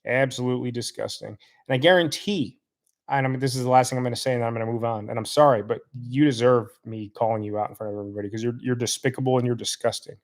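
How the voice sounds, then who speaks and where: A man's voice: medium pitch, fairly even intonation, fast talker. Guy reading chat on a live stream, rambling and heated, repeating insults.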